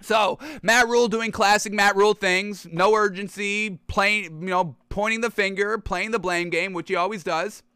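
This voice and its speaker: A man's voice: high voice, steady tone, normal speed, few pauses, bright, forceful tone, clear, resonant tone, no room sound. A man hosting a sports talk show, ranting emphatically to camera and repeating his points. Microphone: camera mic.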